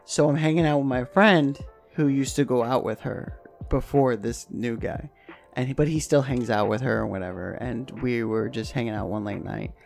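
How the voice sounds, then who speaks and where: A man's voice: medium pitch, moderate pace, vocal fry, soft background music. A man co-hosting a podcast, telling a casual story, swearing freely and laughing as he goes. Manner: lively and laughs often while telling the story. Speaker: podcast co-host.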